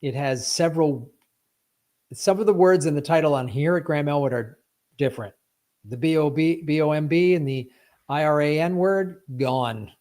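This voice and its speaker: A man's voice: on the high side, moderate pace, darkish tone. A man hosting a live stream in casual chat, playful, breaking into sound effects and silly rhymes. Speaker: livestream host.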